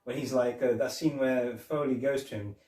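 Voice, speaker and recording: A man's voice: medium pitch, fairly even intonation, moderate pace, darkish tone. Guy rambling about a movie on a podcast, sounds far off in an echoey room. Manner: rambling, retells scenes with quoted lines and laughs. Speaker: podcast co-host. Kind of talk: casual film review chat. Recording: echoey room, distant mic.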